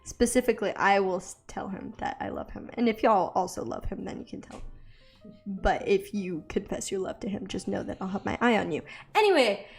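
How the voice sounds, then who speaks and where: A young woman chatting casually as she draws for a video, self-deprecating and quick to laugh. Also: medium pitch, expressive, creaky, faint music behind. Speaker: art vlogger. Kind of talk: casual chat while drawing.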